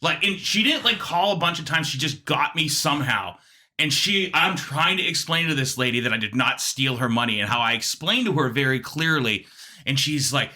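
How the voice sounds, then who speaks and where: A young man, a guest comedian, telling animated stories with lots of fillers and the odd swear. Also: on the high side, moderate pace. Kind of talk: comedic storytelling.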